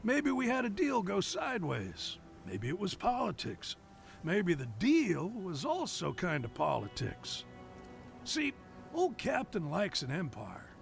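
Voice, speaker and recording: Gravelly, wry game companion. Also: male voice, high-pitched, wildly swooping pitch, takes it slowly, soft background music, full character voice. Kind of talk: video game dialogue.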